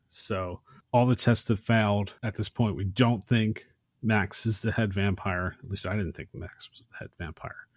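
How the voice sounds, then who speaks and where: A man with a somewhat low voice retells a movie scene for a podcast, bouncing into the characters' lines as he goes. The sound is dry and close, with no room around it. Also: steady tone, moderate pace, dry recording. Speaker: podcast co-host. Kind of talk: casual film discussion, retelling a scene.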